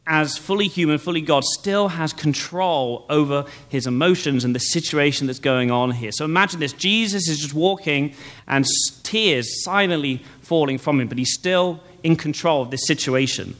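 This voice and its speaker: A young man preaching a sermon, reading scripture aloud and then explaining it in an earnest, measured way. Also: fairly high pitch, a bit bright. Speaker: pastor.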